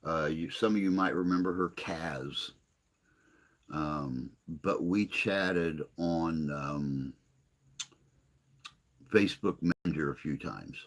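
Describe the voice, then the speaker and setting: A man hosting a casual livestream chat, answering viewer comments in a rambling, hesitant way with long pauses. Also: a bass voice. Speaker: livestream host.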